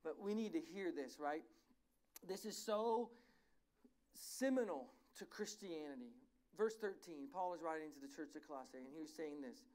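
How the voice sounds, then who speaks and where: A male pastor preaching a sermon, explaining scripture verse by verse and slowing down, growing louder to stress key words. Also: on the high side, low-quality recording. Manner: emphatic, slows and rises in volume to stress key words.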